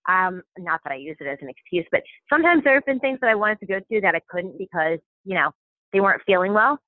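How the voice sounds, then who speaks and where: With an animated, medium-pitched voice, a podcast guest who stays at home with her kids talks fast in a loose, rambling chat full of fillers and restarts. There's no room sound; the audio is dry and tinny, much like a phone call.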